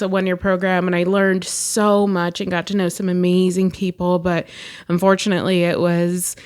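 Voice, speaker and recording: A woman guest opens up about her past in a conversational faith testimony. She talks freely with plenty of fillers, often breaking into a laugh between thoughts. Her voice sits at an ordinary middle pitch. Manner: open, frequent laughs and fillers. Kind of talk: candid personal testimony in conversation. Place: studio interview in Fresno.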